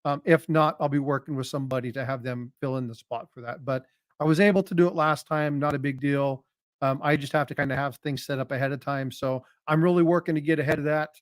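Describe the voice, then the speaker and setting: A man's voice: medium pitch, steady tone, fast talker, dry recording, studio quality. A man hosting a casual livestream chat, greeting viewers by name in a folksy, joking way. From North Carolina. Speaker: livestream host.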